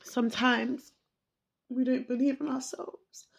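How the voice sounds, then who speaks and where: Woman podcaster, emotional and reflective, unhurried, raspy fry in her voice. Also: high voice, little pitch movement. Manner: slow, reflective, repeats herself. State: emotional, close to tears. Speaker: podcast host. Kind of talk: emotional personal monologue.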